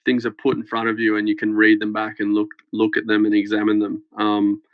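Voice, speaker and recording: Rambling young man, flat low voice. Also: brisk, dry recording. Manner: rambling, many fillers, laughs while telling. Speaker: podcast guest. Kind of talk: casual storytelling. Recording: dull lo-fi podcast sound.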